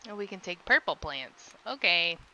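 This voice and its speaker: Lively intonation and a bright, forceful tone mark this young woman's fairly low voice, which moves at a moderate pace. She's goofing around while streaming a video game, chatting constantly and adding sound effects, captured in slightly dull lo-fi audio with faint noise.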